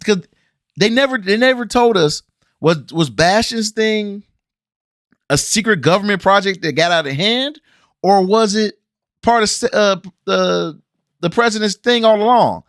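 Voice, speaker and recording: A man's voice: sits high, unhurried, fairly bright tone, no echo, studio quality. A man from the Cincinnati area ranting bluntly and animatedly in a casual review vlog, with slangy, exasperated asides. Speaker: show reviewer and channel host.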